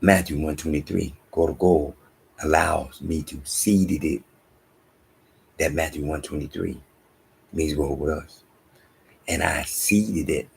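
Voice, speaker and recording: A man, preaching an emphatic, repetitive Bible-teaching sermon that drops into low asides. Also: steady tone, unhurried, creaky, long pauses, a little hiss or hum, rough recording. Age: 60s.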